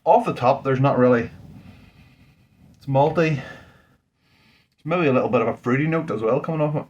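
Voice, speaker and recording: A man's voice: medium pitch, moderate pace, darkish tone, dull audio. A man, a home brewer, talking casually through a beer tasting in a rambling, thinking-aloud way, indoors at home. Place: indoors at home under a ring light.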